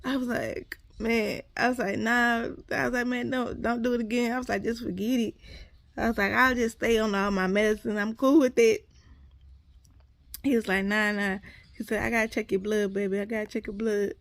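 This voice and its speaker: A woman's voice: on the high side, normal speed, no echo. A woman telling a casual story to her viewers, acting out what others said and calling them y'all. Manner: animated, quotes others, addresses viewers as y'all.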